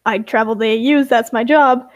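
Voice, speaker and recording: An excitable, nosy girl traveler, read out by a woman, eager and teasing. Her voice is high and the recording is dry and close. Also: fairly quick, no echo, close to an everyday voice.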